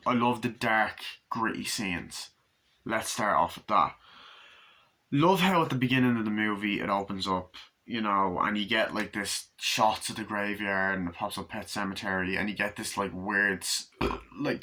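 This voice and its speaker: A man's voice: fairly low pitch, pushed and bright. A young man giving a casual, rambling movie review, full of swearing and filler words. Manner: rambling, profane, filler-heavy.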